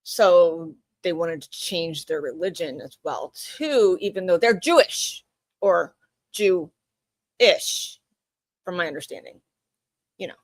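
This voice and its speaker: A woman's voice: on the low side, lively intonation, slow pace, pauses often, no room sound. A woman streaming and chatting casually, who trips over words and corrects herself. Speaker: live streamer. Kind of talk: casual live commentary.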